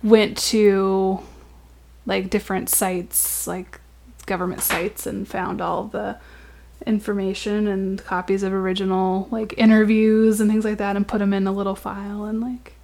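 A woman's voice: mid-range voice, level tone, unhurried, creaky, a little mellow, a little hiss or hum. A woman co-hosting a podcast, chatting casually and filling her speech with "like". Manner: chatty, many "like" fillers. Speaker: podcast co-host. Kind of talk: casual chat.

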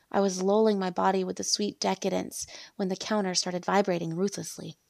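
Woman reading a romance story out loud, kinda gravelly, dry close mic, chatty and wry. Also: mid-range voice, no echo. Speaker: narrator.

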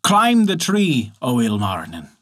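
A man's voice: on the high side, sing-song, measured pace. A man voicing a crafty, persuasive old male wizard from a folktale, coaxing and chanting spells. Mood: urging. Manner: coaxing, incantatory.

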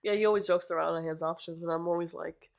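A woman as a podcast guest, chatting casually and teasing her partner, quick to laugh. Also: fairly low pitch, fairly even intonation, vocal fry, clean tone. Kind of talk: casual chat.

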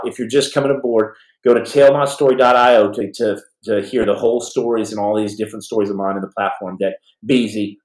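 A middle-aged man spins a long story on his live podcast, tripping over repeated words and jumping into the voices of the people in it. He sounds worn and sore, and his ordinary mid-range voice echoes around a room with plenty of bounce. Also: mid-range voice. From United States. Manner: rambling, animated, repeats words, acts out quoted dialogue. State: in pain, numb hand. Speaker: podcast host telling his own stories.

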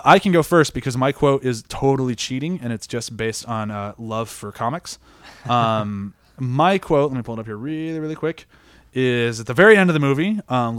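A man hosting a casual podcast, speaking in an enthusiastic, chatty way. His voice sits at a medium pitch, and the mic is close and dry. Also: a bit bright, smooth, no room sound. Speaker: podcast host.

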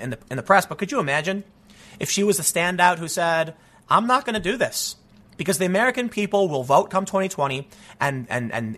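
A man's voice: high voice, fairly bright tone. A man giving solo political commentary as host, ranting in a frustrated, emphatic way with many restarts.

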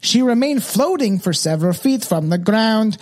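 A man's voice: sits high, animated, normal speed, darkish tone. A man doing a spooked cop with a Mexican accent. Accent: put-on Mexican accent. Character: male police officer recounting a scary encounter.

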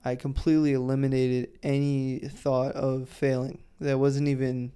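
A man tells a story on his podcast, swearing freely and throwing his voice into the quotes he acts out. His tone is mellow and his voice is smooth. He talks casually, like he is chatting with a friend. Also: mid-range voice, moderate pace. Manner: profane, animated storyteller who acts out quotes loudly. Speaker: podcast co-host.

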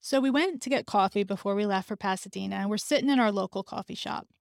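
A woman's voice: medium pitch, quick pace, creaky, dry recording, studio quality. Earnest woman telling her own story. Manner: earnest, emotional, candid. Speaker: podcast host. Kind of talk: personal storytelling.

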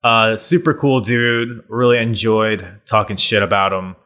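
A man's voice: lowish voice, steady tone, unhurried, a bit bright. A young man hosting a podcast, rambling casually through his intro and laughing at himself. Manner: rambling, self-deprecating, laughs often. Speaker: podcast host.

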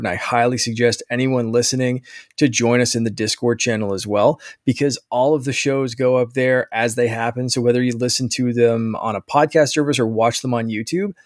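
A man's voice: medium pitch, no room sound, clean studio sound. A man co-hosting a podcast who explains things casually, often restarting his sentences. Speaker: podcast co-host.

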